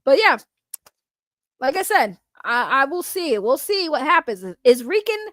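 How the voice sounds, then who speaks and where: A woman's voice: high-pitched, sing-song, a little slow, a bit bright, no room sound. A woman doing casual livestream commentary, rambling and blunt, swearing freely and laughing often. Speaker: online commentator.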